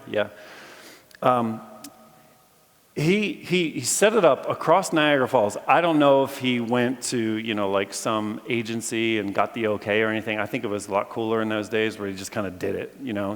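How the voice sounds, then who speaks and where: A man preaching a sermon to a live audience, telling a story with energy and bantering with listeners. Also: mid-range voice. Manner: animated storyteller, jokes with audience. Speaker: campus chapel speaker. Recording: long reverb of a large hall.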